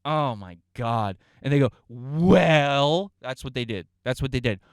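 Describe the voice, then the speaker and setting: Male comic storyteller, smooth clear voice, dry close sound, swings from loud rants to hushed asides. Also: medium pitch, moderate pace, no room sound. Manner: animated, swings between loud outbursts and quiet asides; profane, self-interrupting, acts out the dialogue. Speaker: comedian telling a story. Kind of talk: comedic storytelling.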